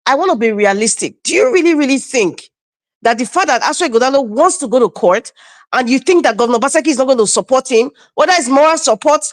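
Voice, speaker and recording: A woman's voice: sits high, animated, fast, no room sound. Insistent Nigerian woman debating heatedly. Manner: insistent, repeats herself, defensive. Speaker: panelist. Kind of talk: heated online panel debate.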